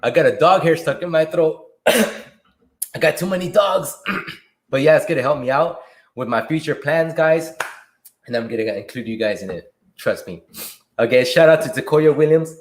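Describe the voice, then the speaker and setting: A man hosting a casual livestream Q&A, reading viewer questions aloud and answering them in a relaxed way from a room at home. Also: on the high side, normal speed, long pauses. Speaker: livestream host and delivery driver. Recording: echoey room.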